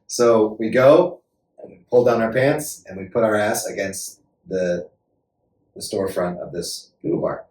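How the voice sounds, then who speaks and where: An American actor as a podcast guest, telling a story in a lively, laughing way and acting out voices. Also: male voice, fairly low pitch, measured pace. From United States. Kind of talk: animated storytelling. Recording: roomy room, distant mic.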